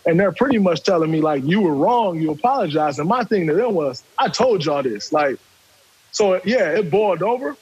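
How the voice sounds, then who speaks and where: A man, telling a story in casual talk, animated and profane, acting out quotes. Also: high voice, moderate pace, husky, dull audio.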